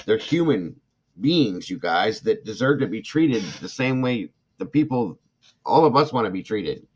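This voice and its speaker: A middle-aged man with a fairly low voice rants with indignant passion on his true crime livestream, pausing to read out chat and apologize. The sound is dull and lo-fi. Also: sing-song, slightly rough. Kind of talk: casual livestream talk reading chat.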